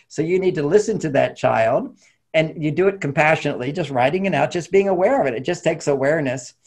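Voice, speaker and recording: Gravelly, husky man giving advice. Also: on the high side, fast. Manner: animated, acts out quoted voices, laughs often. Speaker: relationship author and guest. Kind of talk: conversational interview talk.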